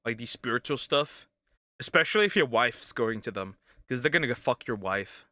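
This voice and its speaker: A young man reacting to clips with crude jokes, restarts and sudden bursts of yelling. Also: mid-range voice, lively intonation, normal speed, dry recording. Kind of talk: casual reaction commentary.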